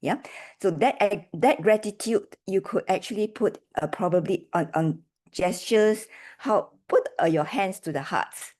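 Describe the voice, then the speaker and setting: A woman's voice: mid-range voice, a little slow, darkish tone. A woman on a video call evaluating a speech's delivery, coaching with encouraging checks like "right?" and "okay?". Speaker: delivery evaluator at a speaking club meeting.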